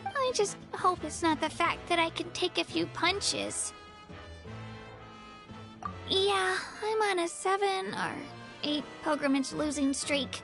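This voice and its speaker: A woman voicing a nervous, unsure young bear warrior girl in a video game, talking with halting restarts. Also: very high-pitched, full character voice. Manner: hesitant, stammering. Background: game music.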